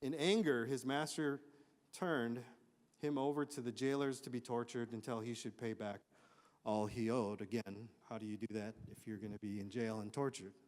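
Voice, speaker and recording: A man's voice: mid-range voice, steady tone, moderate pace, darkish tone. A male pastor preaching a conversational sermon in a church, reading scripture with casual, joking asides. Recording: long hall reverb.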